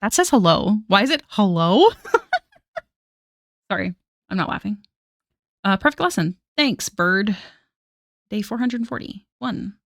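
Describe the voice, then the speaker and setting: A woman's voice: mid-range voice, sing-song, slow, vocal fry, long pauses, dry recording, studio quality. A woman streamer chatting casually on a live art stream, self-deprecating and laughing often.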